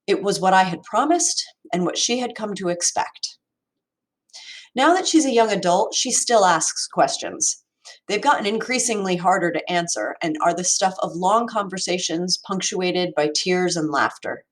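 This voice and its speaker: A woman in her forties, an educator, giving a prepared talk in a measured, reflective storytelling manner. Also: on the low side, expressive.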